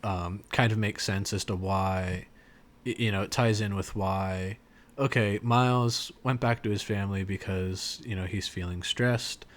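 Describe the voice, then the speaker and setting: A man's voice: lowish voice, steady tone, measured pace. A man co-hosting a podcast, retelling a scene in casual chat with lots of fillers and restarts. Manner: rambling, many fillers and restarts. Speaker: podcast co-host.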